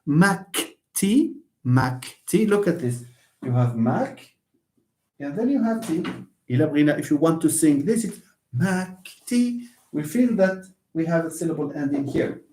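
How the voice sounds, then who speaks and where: Moroccan-accented man, middle-aged, linguistics lecturer, slightly high pitch, slow sound modelling. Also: expressive, darkish tone. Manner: switches between English and dialect Arabic, drawn-out modelling of sounds. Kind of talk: live online lecture.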